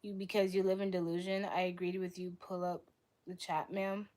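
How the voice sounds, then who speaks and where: Young woman, stream host, blunt and argumentative, answers chat with quick retorts. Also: on the low side, little pitch movement, darkish tone. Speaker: livestream host. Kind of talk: live stream debate reading chat.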